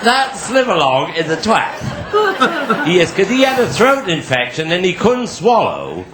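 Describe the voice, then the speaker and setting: A man with a Cornish accent telling rapid-fire stand-up stories, laughing at his own jokes. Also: sits high, wildly swooping pitch, echoey room, a loud crowd, heavy background noise. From Cornwall. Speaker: stand-up comedian.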